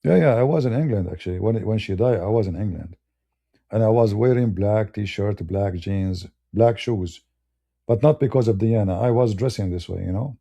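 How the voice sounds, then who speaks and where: A man's voice: lowish voice, normal speed, gravelly, mellow. A man from the Middle East with a Middle Eastern accent, ranting bluntly and combatively on a livestream, laughing through his stories. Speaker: Christian apologist streamer. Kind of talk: unscripted livestream rant.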